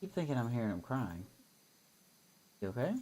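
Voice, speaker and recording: A man hosting a livestream, chatting casually and telling a story in an animated way with lots of laughs. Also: medium pitch, moderate pace. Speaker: livestream host. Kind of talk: casual chat on a gaming stream.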